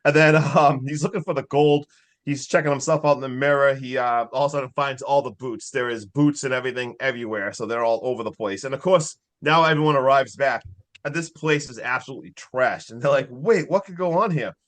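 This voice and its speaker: A man co-hosting a podcast, excitedly recapping a horror movie in casual chat. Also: medium pitch. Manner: excitable, swears, recaps in quick bursts with laughs. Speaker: podcast co-host.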